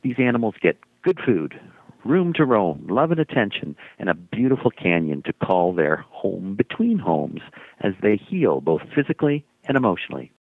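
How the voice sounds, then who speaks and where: Lively male radio host, tinny sound. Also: lowish voice, normal speed, creaky, husky, no room sound. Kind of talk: radio show presenting.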